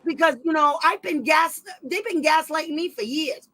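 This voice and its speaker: Her voice sits high as she hosts a livestream advocating for special education. The chat is informal and spirited, full of tangents and snappy sarcastic remarks, and the audio is rough.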